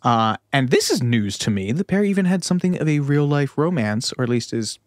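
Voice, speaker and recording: Male podcast co-host, playful storyteller, animated pitch. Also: a little fast, no echo. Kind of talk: casual chat.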